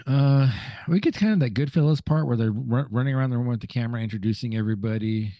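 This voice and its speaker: A man casually recapping scenes of a TV episode on a podcast, halting and searching for words as he goes. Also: medium pitch, dark tone, dry recording. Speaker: podcast co-host.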